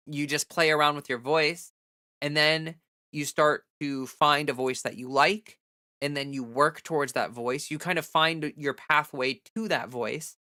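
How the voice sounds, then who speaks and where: A woman's voice: low-pitched, bright, forceful tone, no room sound, clean studio sound. A woman livestreamer chatting candidly and giving advice in a casual way.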